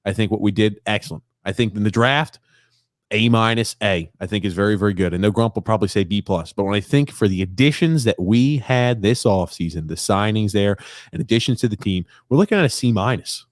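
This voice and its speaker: A man hosting a sports podcast, laid-back and quick to laugh in casual chat. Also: lowish voice, no room sound, studio quality. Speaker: podcast host.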